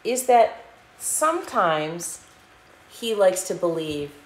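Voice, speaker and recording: Slow, sing-song storytelling woman. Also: lowish voice, big pitch swings, echoey room, a little hiss or hum. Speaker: host. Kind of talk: reading a children's picture book on a livestream.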